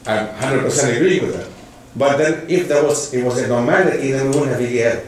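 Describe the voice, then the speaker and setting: A man's voice: mid-range voice, fairly quick, slight background noise. A man giving a public lecture, emphatic and full of rhetorical questions. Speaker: guest lecturer. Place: lecture hall. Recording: echoey hall from far off.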